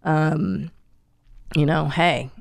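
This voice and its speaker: A woman's voice: low voice, drawn-out words, vocal fry. A woman in her forties hosting a podcast, chatting in a blunt, profane way and laughing often. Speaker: podcast host. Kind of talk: casual comedic monologue.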